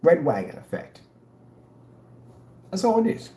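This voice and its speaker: A man rants at a rival, mocking and confrontational, his pitch swinging widely as he goes. The voice bounces around an echoey room. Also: huge pitch swings, a little slow, dark tone, a little hiss or hum. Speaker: vlogger. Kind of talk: ranting commentary.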